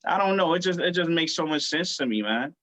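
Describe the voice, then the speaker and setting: A man's voice: a little high, expressive, fairly quick, a bit bright, low-quality recording. A man hosting a casual chat, talking emphatically and preachily, ending his phrases with "man". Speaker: host.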